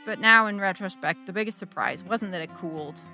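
A woman's voice: fairly low pitch, a little fast, sharp tone, soft background music. An actress playing a middle-aged churchgoing wife who confesses an affair to her bishop, wry and candid, with sudden bursts of feeling. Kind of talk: dramatic monologue.

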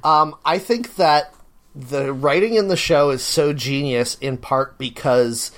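A man co-hosting a podcast, chatting casually and telling stories with animated laughter. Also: fairly high pitch, slow. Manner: animated storytelling with laughs and swearing. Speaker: podcast co-host. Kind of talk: casual chat.

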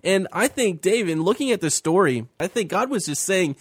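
A man's voice: high voice, animated, moderate pace, few pauses, breathy edge, no room sound, studio quality. A man co-hosting a faith talk show, teaching a Bible story in conversation and acting out the speakers' lines with feeling.

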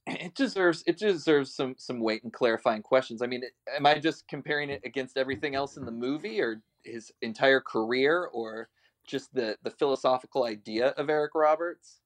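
A man's voice: mid-range voice, normal speed. A man appearing as a guest on a casual podcast, rambling in a jokingly philosophical way.

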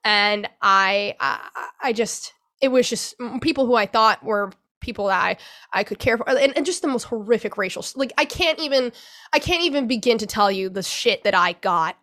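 Young woman guest, high bright voice, halting, restarts a lot, swears, emotional. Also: lively intonation. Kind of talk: personal account in a podcast interview.

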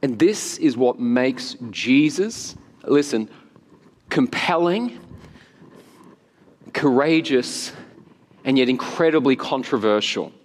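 Lively Australian pastor in echoing hall. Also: male voice, medium pitch, slow pace, pauses often. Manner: storytelling, animated, laughs often. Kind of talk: sermon. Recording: long hall reverb.

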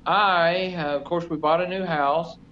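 A man's voice: a little high, fairly even intonation, unhurried. A middle-aged man telling a self-deprecating story in casual chat, rambling with many fillers. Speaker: show regular. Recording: slightly dull, faint noise.

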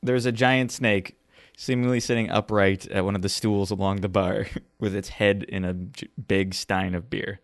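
Low gravelly game master, dry sound. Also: male voice, level tone, moderate pace, hardly any pauses, dry recording. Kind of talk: narrating a tabletop game.

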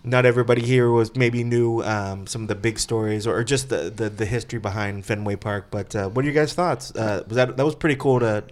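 A man's voice: fairly low pitch, fairly even intonation, fairly quick, hardly any pauses. A man hosting a podcast, easygoing and rambling, with many fillers. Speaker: podcast host. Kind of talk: casual chat.

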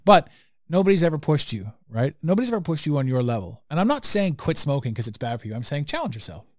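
A man's voice: a little high, very animated, fast, darkish tone, no echo, clean studio sound. Blunt, swearing male podcast host. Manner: blunt, profane, emphatic and preachy. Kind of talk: casual podcast conversation.

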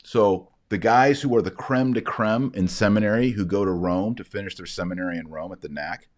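A man hosting an online show, reading an article aloud and commenting on it to viewers, emphatic, with quiet asides. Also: on the low side, brisk.

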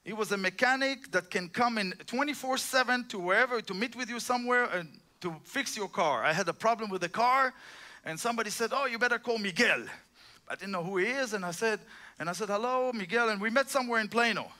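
A man preaching in a very high, sharp, bright voice. He talks in an impassioned, rambling way, full of restarts and personal asides. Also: fast talker. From Israel. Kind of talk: informal sermon.

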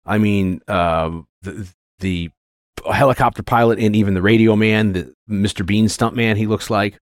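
A man in his forties with a fairly low voice talks through a film in casual chat. He rambles with lots of fillers and restarts, and the sound is dry and close. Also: steady tone, moderate pace, no echo. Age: 40s.

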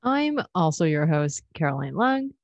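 Woman co-host, low voice, wry, muffled dry recording. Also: big pitch swings, moderate pace. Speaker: podcast co-host. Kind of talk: casual podcast chat. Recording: slightly dull dry sound.

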